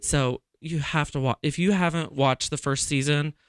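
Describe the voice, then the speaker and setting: A male podcast host in casual chat, with a somewhat high voice. He tells stories with lively energy and breaks into laughter often. The sound is dry and close. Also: moderate pace, smooth, no echo. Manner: laughs often, animated storytelling.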